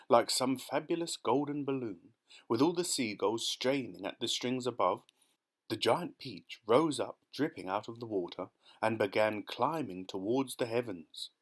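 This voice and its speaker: Man reading a kids audiobook, steady storytelling voice. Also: mid-range voice. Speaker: audiobook narrator. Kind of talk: scripted narration.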